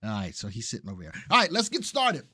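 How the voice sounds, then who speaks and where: A man's voice: medium pitch, huge pitch swings, fast talker, pushed and bright, slightly rough, dry recording, clean studio sound. A man co-hosting a live market show, chatting casually and reading viewer comments aloud. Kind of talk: casual live-stream chat.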